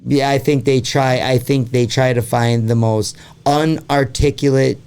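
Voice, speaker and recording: A man hosting a casual podcast, his voice gravelly with a dark, mellow tone. He rambles through his points with a steady stream of "like" and "you know," and swears freely. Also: medium pitch, measured pace. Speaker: podcast host.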